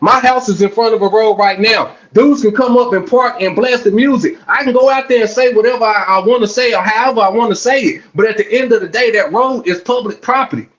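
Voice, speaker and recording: Man, calm panelist, high-ish voice, dull lo-fi mic. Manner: calm, measured, repeats his point. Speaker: panelist on a sports stream. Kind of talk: casual panel debate.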